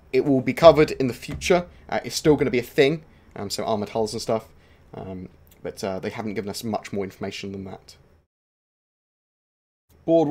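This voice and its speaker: A man hosting a gaming channel, casually answering viewer questions on a livestream in a relaxed, rambling way with many filler sounds. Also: fairly low pitch.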